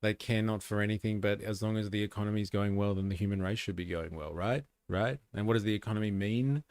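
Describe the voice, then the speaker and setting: Man, sarcastic and sweary livestream commentary, gravelly, dry close sound. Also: lowish voice, fast, darkish tone, dry recording. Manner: sarcastic, profane, opinionated. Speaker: streamer and commentator.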